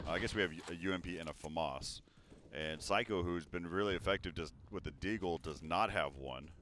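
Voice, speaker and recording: Deep-voiced esports color commentator man. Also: slight background noise. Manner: relaxed analysis with restarts and quick laughs.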